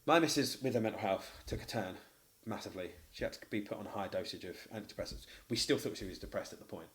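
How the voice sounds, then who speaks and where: A man with a Mancunian accent, a tattoo studio owner, telling a story in casual podcast chat, blunt and animated, swearing freely. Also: fairly low pitch, quick pace. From Manchester, England.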